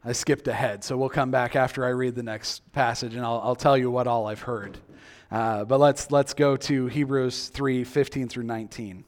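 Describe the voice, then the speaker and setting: A man's voice: medium pitch, fairly even intonation, normal speed. A male preacher giving a sermon, acting out quoted reactions and asking the listeners many questions.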